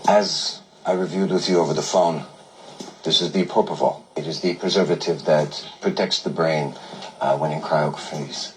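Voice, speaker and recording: Male actor as a low-voiced Russian-accented lab doctor in an indie film, clinical and measured. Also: steady tone, a little hiss or hum, poor audio. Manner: measured, clinical explanation with hesitations.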